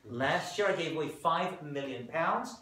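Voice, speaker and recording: Animated British rabbi in an echoey room. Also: male voice, on the high side. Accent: British English. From Britain. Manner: animated, joking, quick back-and-forth. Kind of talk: lively class talk with audience.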